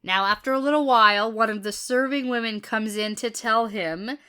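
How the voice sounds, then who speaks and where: A woman's voice: fairly high pitch, normal speed, pushed and bright, smooth. A woman co-hosting a podcast, chatting casually about a novel, recapping the plot and laughing easily. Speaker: podcast co-host. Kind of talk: casual book-discussion chat.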